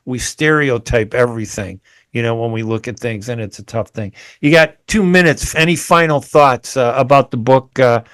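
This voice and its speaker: A man hosting a radio interview show, chatty and brisk as he wraps up. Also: mid-range voice, fairly bright tone, smooth, no room sound. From United States. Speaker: radio host.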